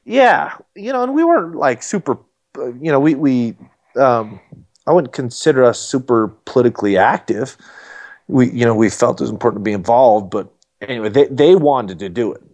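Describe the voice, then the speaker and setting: A man's voice: medium pitch, expressive, normal speed, darkish tone. Rambling man in his thirties. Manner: rambling, self-deprecating, many restarts. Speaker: state legislator guest. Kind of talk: casual storytelling interview.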